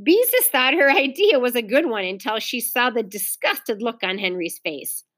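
A woman teacher reading a storybook aloud to children and stopping to quiz and explain. Her voice is bright, fairly high and very animated in pitch. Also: moderate pace. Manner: questioning, explaining to kids. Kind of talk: read-aloud storytelling with comments.

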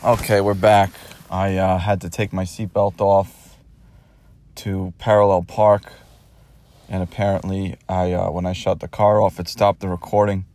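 A man's voice: sits low, level tone, measured pace, a little mellow. A man hosting a casual solo podcast, talking in a wry, rambling way with many fillers while recording on his phone in his parked car. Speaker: podcast host.

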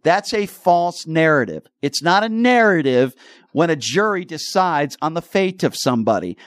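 A man's voice: a little high, sing-song, moderate pace, no echo, clean studio sound. A man hosting a call-in radio talk show, combative and talking over his callers.

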